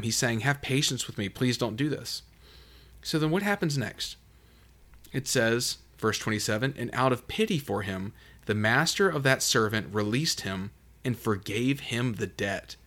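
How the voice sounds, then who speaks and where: A man giving a conversational Bible teaching, reading verses aloud and then explaining them in a relaxed, musing way with fillers, jumping high and loud when he stresses a point.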